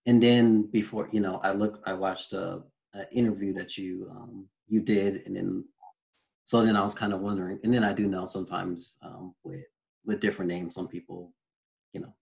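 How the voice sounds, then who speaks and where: A man's voice: deep voice, little pitch movement, moderate pace, vocal fry, darkish tone, rough recording. A man hosting an interview, hesitant and rambling, with many ums. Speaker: interview host.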